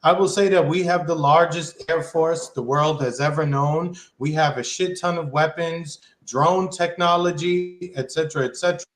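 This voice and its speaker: A man's voice: on the high side, fairly even intonation, normal speed, few pauses, echoey room. A man co-hosting a political talk show, debating in casual slang with a sarcastic edge.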